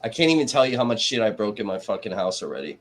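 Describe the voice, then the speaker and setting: A foul-mouthed male livestreamer talks to his chat from a home room, worked up and furious. His voice sits a little low, and his speech is heated and blunt. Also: very animated, racing, a bit bright. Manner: angry, heated, heavy swearing. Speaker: livestream host reacting to a trial.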